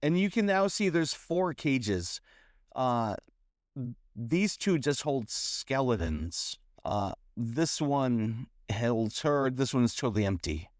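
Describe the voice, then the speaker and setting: A man narrates a tabletop game as game master, feeling his way through descriptions with restarts. His voice sits at an ordinary pitch. The recording is dry and close. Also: very animated, dry recording. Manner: halting, many fillers and restarts while describing.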